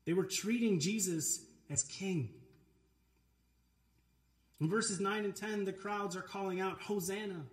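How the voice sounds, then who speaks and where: A man delivers a sermon with earnest, emphatic conviction. His voice sits high for a man, and it carries around a reverberant church sanctuary. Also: fairly even intonation, unhurried, long pauses. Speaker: pastor. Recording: echoey church room.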